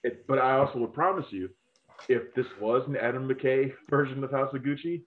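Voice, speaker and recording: The film critic podcast host talks briskly at a medium pitch, rambling and cursing as he delivers forceful opinions on films in casual review chat. His voice comes through a tinny, phone-like line.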